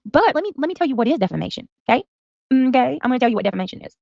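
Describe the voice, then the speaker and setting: A woman's voice: high voice, big pitch swings, very fast, gravelly, dry recording. A woman streamer ranting angrily at a rival, confrontational, sarcastic and profane. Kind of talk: angry livestream rant. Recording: dull lo-fi stream audio.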